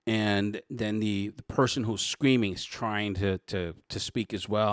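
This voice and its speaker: A man narrating a tabletop role-playing game as game master, describing scenes in halting, restarting sentences. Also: lowish voice, steady tone, clear, resonant tone, no echo, clean studio sound.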